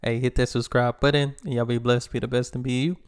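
A man's voice: medium pitch, flat delivery, quick pace, clean tone. An American man hosting a reaction video, chatting to viewers in a laid-back, casual way. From United States.

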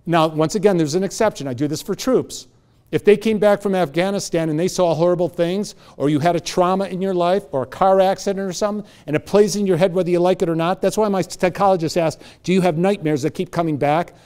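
Animated older man telling stories on stage. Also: a little high. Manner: animated storytelling, acting out both sides of dialogues. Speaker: motivational speaker. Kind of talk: live motivational talk.

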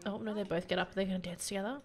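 A woman's voice: medium pitch, steady tone, very fast, darkish tone, a little hiss or hum. A young woman giving casual, giggly let's play commentary, gushing over sweet moments in the game with faint game music behind her. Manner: gushing, giggly, easily moved. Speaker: gameplay commentator.

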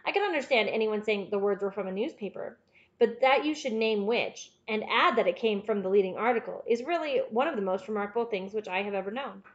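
A woman's voice: medium pitch, brisk, lo-fi sound, natural voice. Woman as an earnest, formal male doctor. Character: learned male country doctor, earnest and curious.

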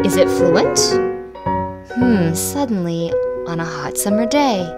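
Animated woman over loud music. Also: medium pitch, takes it slowly. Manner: animated, encouraging, sing-song. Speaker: teacher narrating. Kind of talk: playful classroom narration.

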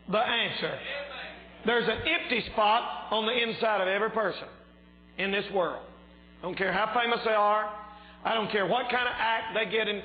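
A man preaches a fervent revival sermon, shouting out his points with a slightly strained voice. His voice sits high for a man. The recording is tinny and phone-like, with a long church-hall echo. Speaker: pastor.

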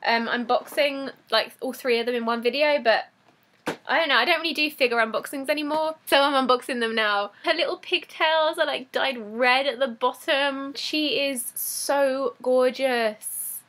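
Excitable woman, high and bright, casual unboxing vlogger who gushes and laughs. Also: normal speed. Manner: gushing, excitable, laughs often. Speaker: YouTuber opening fan mail.

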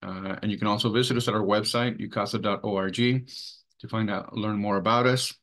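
A man's voice: fairly low pitch, fairly even intonation, fairly bright tone. Earnest man presenting a webinar. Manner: earnest, measured, with frequent uh and um fillers. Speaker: webinar presenter for a sexual assault coalition.

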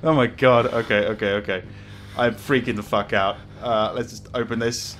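A man's voice: medium pitch, steady tone, normal speed, fairly bright tone, slight background noise. A man commentating a horror game as he plays, jumpy, swearing, laughing nervously. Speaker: gamer playing a horror game. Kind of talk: let's play commentary.

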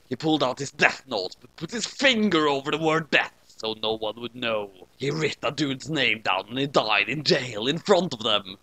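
A man reading an absurd comedy story aloud in a deadpan tone. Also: medium pitch, no echo. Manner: deadpan, rapid-fire absurd narration. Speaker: narrator.

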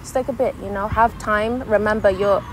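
Animated young woman chatting casually. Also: mid-range voice, fairly quick, a little hiss or hum. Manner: animated, acts out quoted voices. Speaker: podcast co-host. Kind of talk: casual chat.

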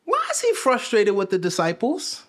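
A man's voice: high voice, huge pitch swings, normal speed, fairly bright tone. A man preaching a sermon, asking his listeners questions and repeating phrases for emphasis. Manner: conversational, asks the congregation questions. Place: church.

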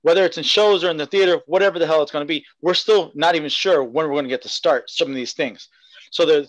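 A man co-hosting a podcast in casual chat, rambling and excitable, laughing often. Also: on the high side, no room sound, poor audio. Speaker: podcast co-host.

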